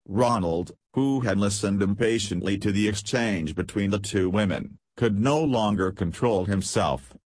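Male audiobook narrator, low and husky, steady delivery. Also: a little slow, dry recording. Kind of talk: scripted narration.

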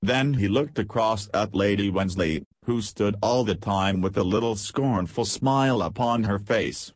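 Husky low-voiced male audiobook narrator. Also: measured pace, no room sound. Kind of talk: scripted narration.

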